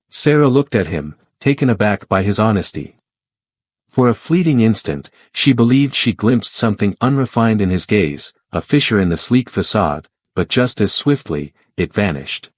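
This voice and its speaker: A man narrating a scripted story in an even, measured reading voice. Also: on the low side, no room sound, studio quality.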